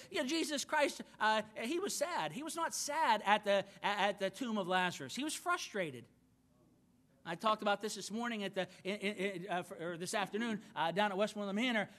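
High bright-voiced preaching pastor. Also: male voice. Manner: earnest preaching with frequent repeated words and restarts. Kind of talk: sermon. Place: church auditorium.

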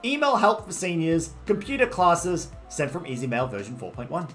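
A man's voice: on the high side, sing-song, normal speed, a bit bright, soft background music, voice pushed up. A man voicing a confused elderly man who is begging his computer for help with email. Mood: helpless. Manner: pleading, helpless.

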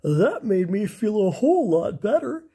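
A gentle, sorrowful male orangutan, as a storyteller puts him on. He speaks slowly, in a breathy voice lifted above the reader's own, mournful and soft. A storybook reading. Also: mid-range voice, big pitch swings, voice pushed up, exaggerated voice. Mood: grateful.

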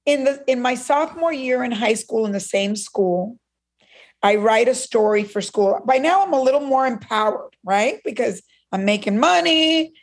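A middle-aged Cuban woman, interviewed as a guest, tells a personal story with lots of animation, acting out what other people said. Her voice is high-pitched, and she moves at a moderate pace with few pauses.

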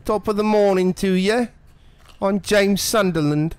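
A man voicing a swaggering mock-Cockney gangster, loud and threatening, in an exaggerated put-on accent. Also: high voice, clean tone, no echo, pitched above the performer's own voice. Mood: brash, taunting. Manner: loud, swaggering, drawn-out words.

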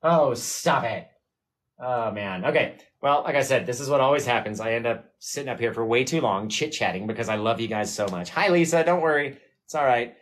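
A man's voice: medium pitch, a little fast. A man hosting a live painting stream, chatting casually with viewers in a rambling, self-mocking way and laughing often. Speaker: livestream painting host.

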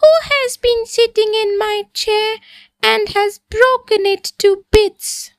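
A woman's voice: steady tone, slow pace, no room sound, exaggerated voice. A woman voicing a small young bear cub who gasps in shock, in a storybook reading. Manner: gasping, squeaky.

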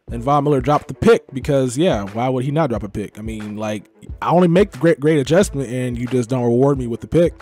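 Young texas guy narrating his football game, grumbly and frustrated, mid pitch voice, faint game music behind. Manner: swings from muttering to frustrated yelling. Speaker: gaming YouTuber. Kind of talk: live gameplay commentary.

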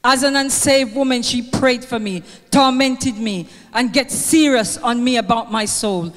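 A woman's voice: a little high, unhurried, few pauses. An older woman with a Jamaican accent speaks at a funeral, tearful but earnest. She reads scripture in a lilting, churchly cadence. Her voice rings with the long reverb of a church hall. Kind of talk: heartfelt eulogy with scripture reading.

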